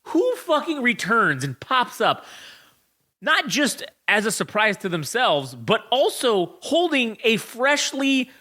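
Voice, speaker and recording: A man co-hosting a casual podcast chat, telling stories in an animated, profane way. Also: very high voice, slow. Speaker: podcast co-host.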